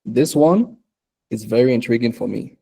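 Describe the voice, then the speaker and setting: Man, from Africa, motivational bootcamp talk, very warm dark tone, animated, laughs a lot. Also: medium pitch, normal speed, vocal fry, slightly rough. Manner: animated, laughs often, acts out quotes. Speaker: bootcamp speaker.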